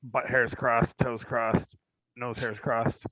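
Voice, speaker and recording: A man's voice: mid-range voice, level tone, slow pace, sharp tone, dry recording, low-quality recording. A man hosting a casual chat about movies, joking, rambling and laughing often. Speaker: host of a movie screening show.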